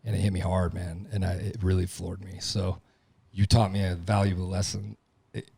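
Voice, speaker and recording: A man's voice: sits low, little pitch movement, moderate pace, gravelly, darkish tone, husky. A man hosting a podcast, talking candidly and confessionally, ranting with frequent profanity. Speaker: podcast host and tattoo shop owner. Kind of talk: candid monologue.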